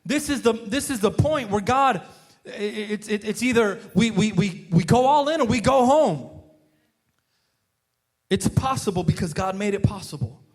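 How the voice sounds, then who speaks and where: A man's voice: high-pitched, a little mellow. A man preaching a casual, conversational sermon as a pastor, earnest and informal, often tossing in "man" and "right?" and restarting his sentences.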